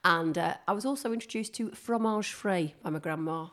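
A woman's voice: fairly low pitch, fairly quick. A woman in casual chat, telling stories about her family in a chatty, digressive way. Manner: chatty storyteller, digresses, animated.

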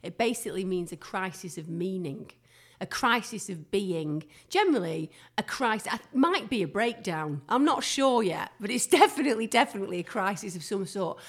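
A woman's voice: medium pitch, normal speed. Chatty middle-aged woman podcast host. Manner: chatty and expressive, rambling. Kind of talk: casual podcast chat. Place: home kitchen.

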